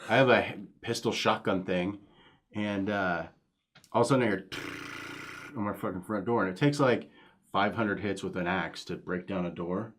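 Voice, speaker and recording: Male co-host, lower voice, swears a lot, animated storyteller in a casual gaming chat. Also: normal speed. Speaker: podcast co-host.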